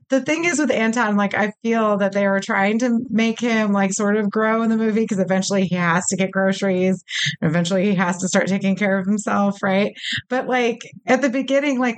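Female podcast co-host, middle pitch, loose talker who laughs and swears. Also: smooth. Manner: chatty, lots of likes, swears and laughs easily. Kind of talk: casual chat.

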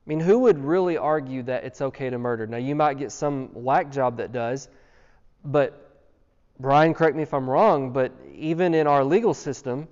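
Long hall reverb and dull sound surround a pastor's sermon, delivered earnestly and emphatically as a string of rhetorical questions. His mid-range, darkish voice keeps a moderate pace.

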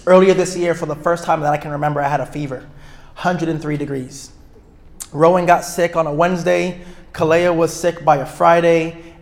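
A man speaking to a room of couples at a retreat, energetic and outgoing, often checking in with his listeners. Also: on the high side. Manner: energetic, self-described extrovert; checks in with listeners, asking "right?". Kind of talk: live talk to an audience.

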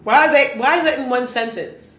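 A co-host in casual chat, tossing in dry, quick quips. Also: sits high, fairly bright tone. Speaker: podcast co-host. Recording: roomy echo with faint noise.

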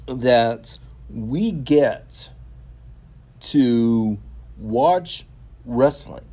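Male solo podcast host, relaxed and slow-talking, halting but eager, lots of "uh" and restarts. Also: medium pitch. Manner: halting, many fillers and repeated words, enthusiastic. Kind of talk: casual solo wrestling talk show.

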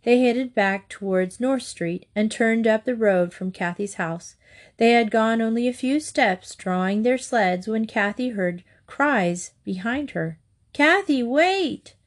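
A woman reading a children's book aloud in a steady, gentle storytelling manner. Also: fairly high pitch, a little slow. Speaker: reader.

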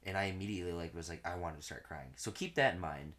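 Profane, animated storytelling man. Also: low voice, fast. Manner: animated, profane, laughs through punchlines. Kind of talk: casual storytelling among friends.

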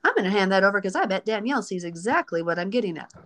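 A woman hosting a Bible study, reading scripture aloud and discussing it earnestly, slowing down to stress key words. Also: medium pitch, lively intonation, fairly bright tone.

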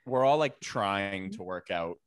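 A man's voice: measured pace, crowd noise. A young man co-hosting a podcast, telling stories in casual chat, swearing freely and acting out quotes. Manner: animated, swears freely, acts out quotes with rising pitch. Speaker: podcast co-host.

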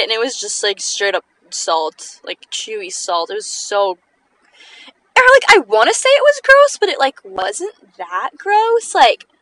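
A woman's voice: on the high side, bright, forceful tone, poor audio. A young woman telling personal stories in a casual chat while driving in a car, filling her talk with "like" and laughing often. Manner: chatty, fillers of "like", frequent laughter. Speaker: vlogger.

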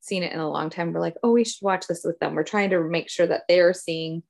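Middle-aged mom co-hosting a casual chat podcast, chatty and rambling. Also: female voice, on the low side, steady tone, a little fast, creaky, darkish tone. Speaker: podcast co-host, mother.

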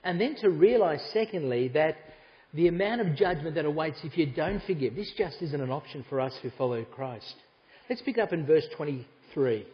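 A man's voice: on the high side, animated, normal speed, in a large hall, dull audio. A man preaching a sermon to a congregation, talking conversationally and making asides to the people in front of him. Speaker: pastor. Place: church hall.

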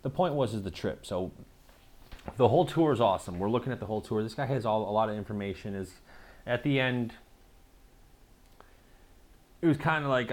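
A man's voice: on the low side, expressive, fairly quick, long pauses, darkish tone. A man casually telling a story to camera, rambling with lots of fillers and swearing.

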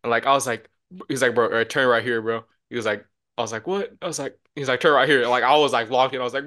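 A young man co-hosting a podcast, telling a story in a loose, animated way and acting out the voices of the people in it. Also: medium pitch, fast talker. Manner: animated storyteller, acts out quotes with shouts. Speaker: podcast co-host. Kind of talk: casual storytelling chat.

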